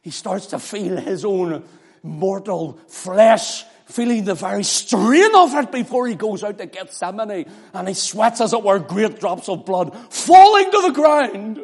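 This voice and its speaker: A man preaching an impassioned sermon, swinging from loud exclamations to hushed near-whispers. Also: high-pitched, very animated, a little slow, gravelly, breathy edge. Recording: echoey hall reverb.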